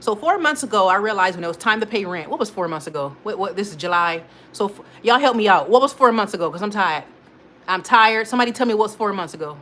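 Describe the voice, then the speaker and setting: Chatty, animated woman talking to her viewers. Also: medium pitch, fast, slight background noise. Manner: rambling and animated, talks straight to viewers, frequent laughs and restarts; informal slang-heavy speech. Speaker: host of a weekly live check-in stream. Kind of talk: casual live-stream chat, reading viewer comments.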